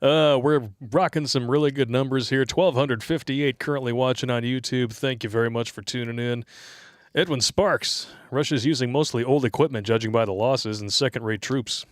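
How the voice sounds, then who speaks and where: A man's voice: mid-range voice, normal speed, no echo. Dry-miked joking male livestream host. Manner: joking, laughs often, reads donations aloud. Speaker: livestream co-host reading viewer comments. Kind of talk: casual livestream chat.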